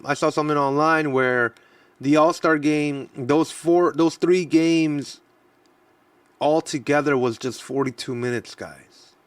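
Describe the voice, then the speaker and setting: A man's voice: a little high, fairly bright tone, no echo, distant mic. A man co-hosting a sports podcast in casual chat, talking loosely with lots of restarts. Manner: loose and rambling, many restarts and fillers.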